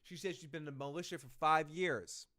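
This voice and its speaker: A podcast host recaps a show casually, rambling, swearing, and retelling scenes complete with quoted lines. His voice is fairly high, steady in tone, brisk, pushed and bright.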